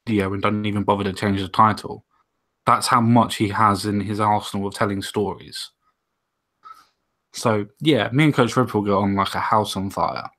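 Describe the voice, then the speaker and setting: A man in casual online group chat, talking quickly with sarcastic, self-mocking humor. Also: on the low side, vocal fry, a bit bright. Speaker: guest YouTuber on a panel chat.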